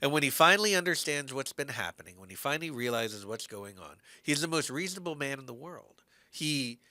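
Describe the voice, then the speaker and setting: A man's voice: medium pitch, lively intonation, brisk, pushed and bright, no echo, studio quality. A man co-hosting a podcast, earnestly and animatedly recapping a TV show in casual chat. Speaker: podcast co-host.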